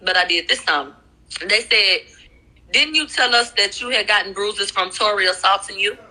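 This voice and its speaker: Casting: woman, very bright tone, casual chatty recap of a trial. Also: mid-range voice, normal speed, low-quality recording. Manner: retells questions and answers in a chatty run-on way. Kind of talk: casual retelling of court testimony.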